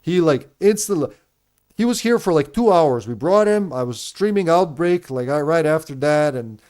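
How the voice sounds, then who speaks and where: A man's voice: on the high side, lively intonation, moderate pace, darkish tone. A man in his thirties, a game streamer whose first language is not English, chatting candidly with his live viewers and addressing them by name. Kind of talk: casual chat with live viewers.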